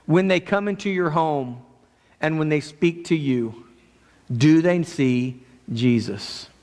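A man preaching a sermon as pastor, earnest, moving between raised and hushed delivery. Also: on the high side, takes it slowly. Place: church sanctuary. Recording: long church reverb.

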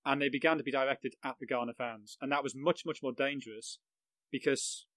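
Briskly and with fairly even intonation, a middle-aged man from England shares a vivid, self-mocking story on a podcast about a match he reported on as a football journalist, laughing as he goes. His voice is mid-range and a bit bright, and the recording is dry and low quality.

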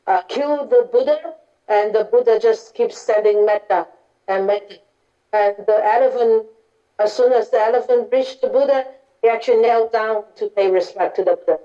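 A woman, a Buddhist nun, giving a dharma talk, telling stories informally with simple grammar and many restarts. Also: on the high side. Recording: dull lo-fi recording.

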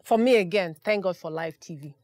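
A woman, a sports presenter telling lively, self-deprecating stories in a roundtable discussion. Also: lowish voice, a little fast, dry recording. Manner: animated, self-deprecating storytelling.

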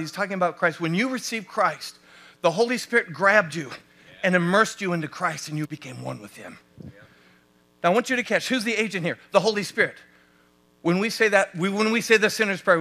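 Preaching with animation, this American man, a pastor, keeps posing rhetorical questions to the congregation. His pitch is high.

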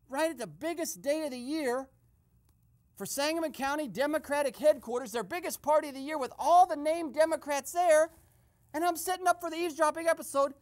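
A woman voicing an excitable male radio host who eavesdrops and gives gossipy running commentary full of exclamations. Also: fairly high pitch. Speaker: host and narrator. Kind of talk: comedic radio sketch narration.

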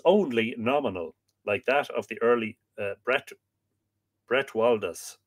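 An Irish man hosting a live stream, sleepy and yawning, reads an old history book aloud, stumbles over hard names and jokes with viewers between passages. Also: medium pitch. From Ireland. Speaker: livestream host reading aloud.

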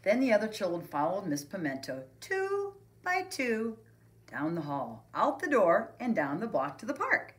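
A woman who is a preschool teacher reads a picture book aloud to children, expressive and speaking to them directly. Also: fairly low pitch, normal speed, few pauses.

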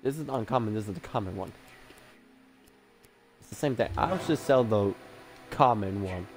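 A man giving casual gameplay commentary as the host of a gaming channel, rambling, excitable and self-mocking, swearing often. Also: on the low side, moderate pace, soft background music.

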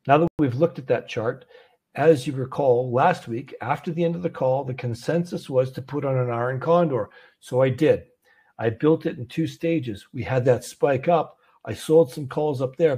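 Medium in pitch, mellow, and a bit rough, this man runs a relaxed options trading call for his community. He discusses a trade in a conversational style full of fillers, regularly quizzing his audience.

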